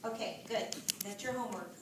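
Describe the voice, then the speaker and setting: A woman's voice: on the high side, fairly quick, very noisy. A woman teaching a yoga and health class, lecturing and often checking in with her students by asking "right?" and "make sense?". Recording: echoey classroom from far off.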